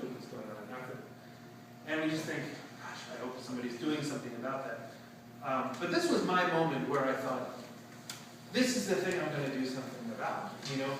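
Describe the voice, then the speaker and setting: A young man telling a lively story to an audience at a reception, acting out the dialogue with laughs. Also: fairly high pitch. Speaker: speaker at a reception talk. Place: event room, recorded from a distance. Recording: echoey room, far-off mic, background noise.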